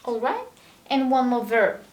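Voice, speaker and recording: A woman teaching English verbs, saying each form slowly and clearly and often checking in with the learner. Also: a little high, sing-song, reverberant. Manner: drills verb forms one word at a time, checks in with "all right?". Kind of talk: slow, deliberate language lesson.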